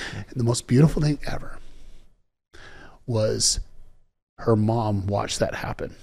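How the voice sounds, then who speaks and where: A man's voice: fairly low pitch, slow, vocal fry, pauses often, a little mellow, slightly rough. A man guest in an interview, telling a story with energy, acting out quoted voices and often repeating words. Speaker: executive producer guest.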